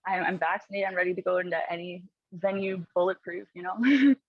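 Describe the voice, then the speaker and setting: A woman's voice: on the low side, a little fast, dry recording. A woman from a metal band answering an interview question in an upbeat way, repeating herself often. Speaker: band member guest. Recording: dull lo-fi audio.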